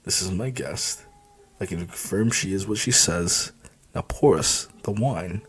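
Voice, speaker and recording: A gruff young bar owner with a low, hushed voice, as a male narrator reads him. He speaks in curt, quiet commands, like a figure in an audiobook who expects to be obeyed. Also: fairly even intonation, brisk. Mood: commanding.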